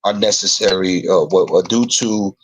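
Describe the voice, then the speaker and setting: A man's voice: sits low, normal speed, rough recording. A man co-hosting a podcast, thinking aloud and repeating words as he writes notes in a casual brainstorming chat. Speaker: podcast co-host.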